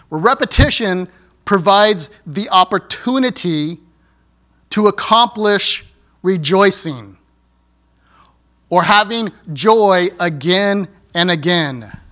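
A man's voice: high voice, sharp tone. A male pastor preaching a sermon, with joking asides and laughing at his own slips.

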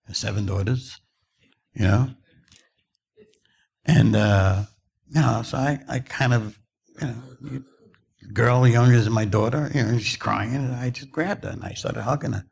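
A man's voice: medium pitch, vocal fry, darkish tone, husky. A middle-aged man preaching a sermon, telling stories and rising to fervent emphasis. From New Jersey.

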